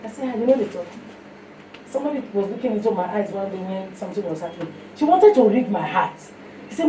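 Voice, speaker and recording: A woman with a Nigerian accent giving a sermon mixed with her own testimony, telling stories in an animated way. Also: mid-range voice, quick pace. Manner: storytelling, animated, breaks into song. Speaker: fellowship speaker. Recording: echoey room, mic heard from a distance, faint noise.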